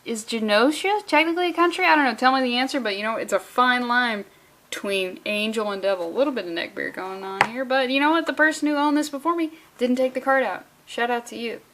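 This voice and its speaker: A woman vlogging a casual comic book read-along, with sarcastic, profane and animated rants. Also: fairly high pitch, quick pace, a little hiss or hum.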